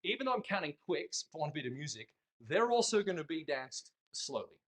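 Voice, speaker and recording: Animated, jokey male dance teacher. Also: on the high side, a little fast. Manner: animated, jokey and blunt, with mild swearing. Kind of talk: casual instructional talk. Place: dance studio.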